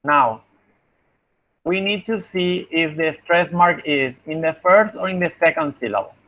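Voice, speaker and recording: A man's voice: on the high side, a little slow, pushed and bright, poor audio. A young adult man with a Spanish accent, a phonetics teacher giving class feedback, explaining patiently and repeating examples.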